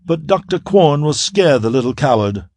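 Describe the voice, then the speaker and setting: A man voicing a sarcastic, excitable android man who sneers at his crewmates in an audiobook. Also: a little high, moderate pace, dry recording, studio quality, pitched above the performer's own voice. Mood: sneering. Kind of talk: audiobook character voice.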